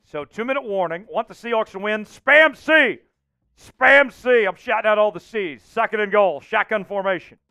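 High, gravelly play-by-play host. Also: male voice, a little fast, hardly any pauses, soft background music. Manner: excitable, shouts out chat names and hypes touchdowns. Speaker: host calling a simulated game for a livestream. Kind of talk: live play-by-play commentary.

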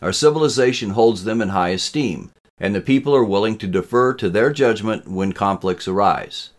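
A man voicing a calm, reasoning schoolboy. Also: on the low side, moderate pace, lightly acted. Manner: calm, explanatory. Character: composed, reasoning young male student.

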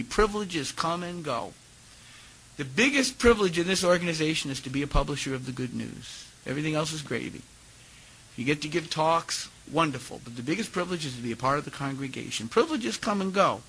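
A man in his fifties giving a sermon to a congregation, telling personal stories with animated ups and downs in his voice. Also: high voice, breathy edge, poor audio. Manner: animated storytelling, rising and dropping his voice. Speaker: preacher giving a talk.

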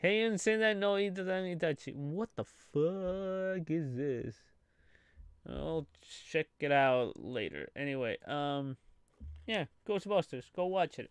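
Lively high-voiced man reacting, swearing. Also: unhurried, smooth, no room sound, studio quality. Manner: animated, profane, laughs often. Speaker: streamer reacting to a trailer. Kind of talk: casual live-stream reaction.

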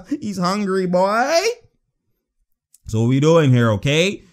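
A man giving casual, excitable reaction commentary over basketball clips, slangy and laughing often as he breaks down plays. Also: high-pitched, slow.

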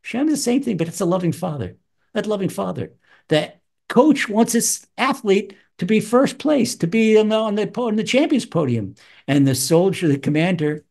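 A man teaching Psalms as a rabbi, animated, acting out voices with wide swings in pitch. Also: moderate pace, creaky. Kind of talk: Torah lesson.

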